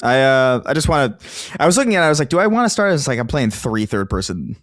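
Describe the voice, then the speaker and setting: Animated man in podcast chat. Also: mid-range voice, quick pace, no room sound, clean studio sound. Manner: animated, hesitant restarts. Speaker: podcast co-host. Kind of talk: casual chat.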